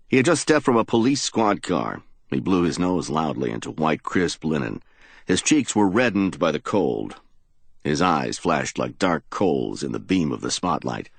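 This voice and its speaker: A man's voice: a bass voice, big pitch swings, normal speed, gravelly, slightly rough, no room sound. A man narrating a hardboiled crime audiobook in a dramatic storytelling manner.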